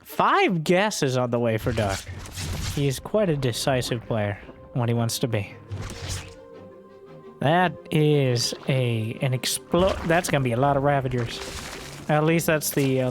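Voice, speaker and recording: A man casting a strategy game match solo, joking along and bursting into high-pitched exclamations. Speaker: esports caster. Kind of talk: solo play-by-play commentary.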